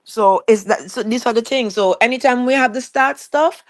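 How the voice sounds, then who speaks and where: A woman's voice: a little high, normal speed, no echo, clean studio sound. A woman chatting casually on a livestream, indignant and defensive.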